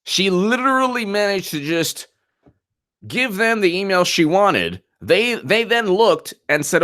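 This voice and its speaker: A man talks through his live political commentary stream in a sarcastic, animated way, stumbling and restarting as he goes. His voice sits a little high and swings widely in pitch. The sound is dry and close, with no room to it. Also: unhurried, dry recording.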